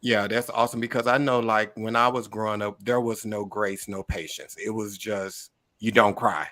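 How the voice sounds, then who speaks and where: A man's voice: fairly low pitch, level tone, moderate pace, fairly bright tone. A man hosting a podcast discussion, asking the guests short follow-up questions. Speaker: podcast host. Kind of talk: casual podcast interview.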